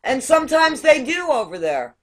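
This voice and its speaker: A woman's voice: high voice, very animated, normal speed. A woman hosting a casual chat show, curious and asking question after question. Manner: curious, asks many questions. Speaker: host.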